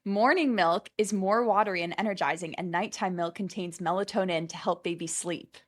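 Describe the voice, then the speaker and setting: Young woman, podcast co-host, casual chat, excitable, animated, filler-heavy talk. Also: lowish voice, a little fast.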